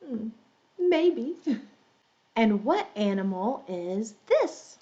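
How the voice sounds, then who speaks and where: Woman teacher doing a kids story, high-ish voice, playful, sounds a bit muffled. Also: very animated, warm tone, slight background noise. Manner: slow, exaggerated, playful teacher talk with animal sound effects. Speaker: English teacher for children. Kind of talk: storytelling lesson for young learners.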